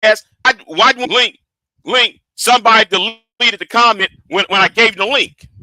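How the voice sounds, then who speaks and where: Speaking at a moderate pace in a high-pitched, sharp voice, a man on a livestream curses out a rival he addresses head-on. It's a confrontational rant captured through a streaming setup, with dry, poor audio.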